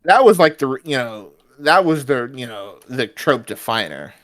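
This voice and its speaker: A podcast co-host with a mid-range, sing-song, slightly bright voice rambles through casual chat, using many fillers and restarts and slipping into quick mock voices.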